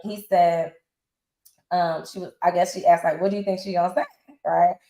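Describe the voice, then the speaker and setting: A woman's voice: on the low side, normal speed, roomy sound, rough recording. A woman in her forties, a reality show guest telling her story bluntly and casually with slang, acting out other people's lines. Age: 40s. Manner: animated, acts out others' lines in quotes. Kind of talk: candid interview storytelling.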